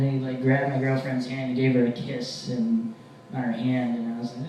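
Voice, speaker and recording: A young man doing a stand-up comedy set, telling rambling deadpan stories with mock-angry rants. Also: mid-range voice, brisk, few pauses. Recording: very echoey room, distant mic, faint hiss.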